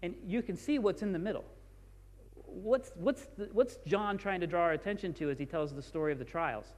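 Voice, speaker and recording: A man's voice: high-pitched, fairly quick, in a large hall. A man preaching a sermon as a pastor, speaking informally and reading scripture aloud with rising emphasis. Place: church sanctuary.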